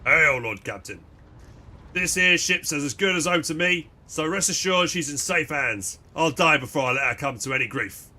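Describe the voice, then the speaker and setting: A man voicing a dour, loyal ship helmsman with a folksy, gruff delivery, reading game dialogue. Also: on the high side, expressive, normal speed, pushed and bright, exaggerated voice. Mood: sullen loyalty.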